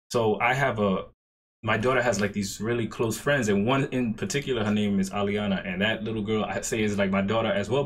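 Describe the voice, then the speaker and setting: A man's voice: fairly low pitch, a bit bright, a little hiss or hum. A man hosting a casual interview podcast, asking questions loosely and using slang. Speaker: podcast host.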